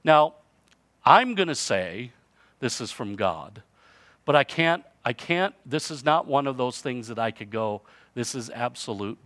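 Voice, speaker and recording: A middle-aged man preaching a sermon, building to emphatic peaks and dropping to quiet lines, often repeating himself and asking his listeners questions. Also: mid-range voice, no room sound. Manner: impassioned, rising to emphatic peaks then dropping to hushed lines. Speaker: pastor.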